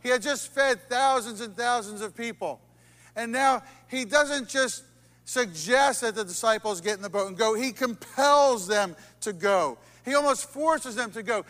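A man preaching in a high register, swinging from ringing, emphatic lines down to hushed near-whispers. His voice carries a long reverberation off the walls of a large church hall. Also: normal speed. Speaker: pastor. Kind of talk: sermon. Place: church sanctuary.

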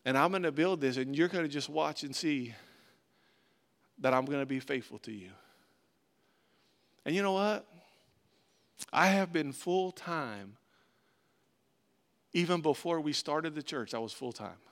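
A man's voice: a little high, lively intonation, a little slow, pauses often, fairly bright tone. A man preaching as pastor in a conversational sermon, acting out God and Moses in short bits of dialogue.

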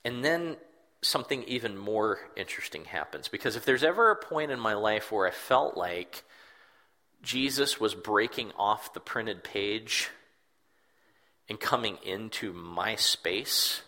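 A man's voice: on the low side, animated, unhurried, pushed and bright. A man preaching a sermon in an earnest, reflective way, repeating words for emphasis. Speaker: pastor.

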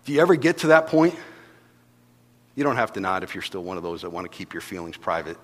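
A man preaching a sermon as pastor, telling stories with animation and swinging between hushed and loud delivery. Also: deep voice, sing-song, fast. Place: church hall. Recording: long reverb of a large hall.

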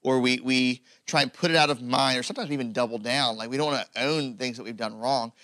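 A man preaching a sermon in a loose, conversational way, full of "like" and "you know", building to emphatic points. His voice is bright and forceful, at a middle pitch for a man. The sound is dry and close. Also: steady tone, quick pace, no room sound. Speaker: pastor.

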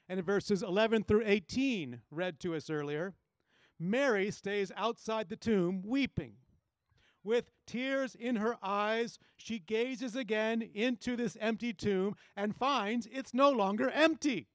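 A man preaching a sermon as a pastor, reading scripture aloud and acting out the quoted lines with shifting pitch and pace. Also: no echo, clean studio sound.

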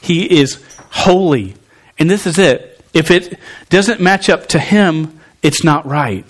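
A man preaches a sermon in a slightly higher-than-average voice. He talks to the room conversationally, with animated bursts and stumbling restarts. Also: takes it slowly.

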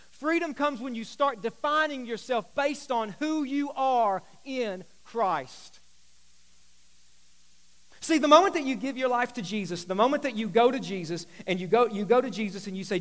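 A man preaching as a pastor, moving between quiet, intimate asides and loud, emphatic declarations. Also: sits high, lively intonation, moderate pace, poor audio. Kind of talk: sermon.

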